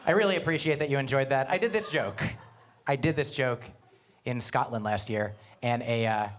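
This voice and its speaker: A middle-aged man doing a stand-up comedy set, animated, with quick asides and wordplay. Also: mid-range voice, a little hiss or hum. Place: comedy venue with live audience.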